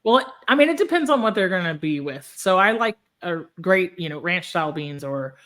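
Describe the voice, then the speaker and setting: A woman's voice: on the low side, very animated, a little fast, a bit bright. Texas woman podcast cohost, casual chatter, lots of ums, laughs a lot. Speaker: podcast co-host. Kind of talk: casual chat.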